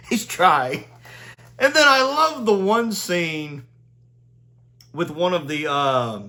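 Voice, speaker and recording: Lively, laughing man in a chatty review. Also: sits high. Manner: gleeful, laughs often, chatty with many "like"s. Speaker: video reviewer. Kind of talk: casual spoken review.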